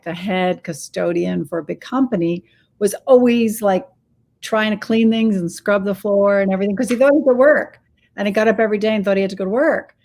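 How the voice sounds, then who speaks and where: Woman host, mid-pitched, chatty, enthusiastic, casual storytelling in interview. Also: gravelly, darkish tone. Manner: chatty, enthusiastic, tells personal stories.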